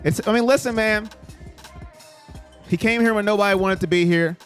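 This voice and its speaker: Casual live-stream host, male, a touch high-pitched, rambling and reactive to chat, faint music underneath. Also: moderate pace.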